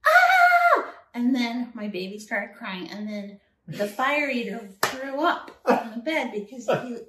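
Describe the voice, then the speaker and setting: A woman guest telling lively stories in a casual interview, acting out voices as she goes. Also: a little high, unhurried, reverberant, far from the mic, low-quality recording. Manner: animated storyteller who acts out voices. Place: host's apartment.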